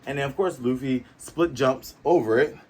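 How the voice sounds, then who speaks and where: A man recapping a comic chapter in a casual, animated way, full of sound effects. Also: medium pitch, normal speed. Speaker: manga reviewer.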